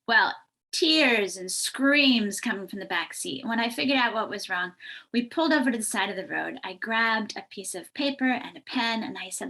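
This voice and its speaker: Bright-voiced woman author giving a talk. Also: a little high, animated, normal speed, vocal fry. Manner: earnest, warm storytelling with many ums. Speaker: children's book author, guest speaker. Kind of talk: online summit talk.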